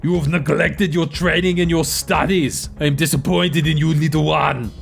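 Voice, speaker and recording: A man's voice: fairly high pitch, fairly even intonation, moderate pace, gravelly, pitched above the performer's own voice. A man putting on a stern, lofty old mage scholar. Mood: scolding. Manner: lofty, disappointed, scolding. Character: stern pompous male master mage scholar.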